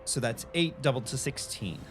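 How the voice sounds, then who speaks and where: A man playing a tabletop game, lively and playful. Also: mid-range voice, moderate pace, music in the background. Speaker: player. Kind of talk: casual tabletop play.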